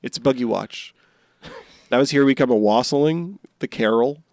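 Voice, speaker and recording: Podcast co-host, man, smooth resonant voice, playful and rambling, dry close sound. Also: mid-range voice, moderate pace, a little mellow, dry recording. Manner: jokey, rambling, bursts into silly honking bits. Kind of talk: casual chat.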